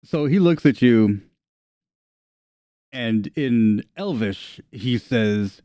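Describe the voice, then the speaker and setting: A man's voice: medium pitch, animated, extremely slow, pauses often, dark tone, smooth, dry recording, clean studio sound. A man narrating as game master of a tabletop game in a casual way, with joking asides.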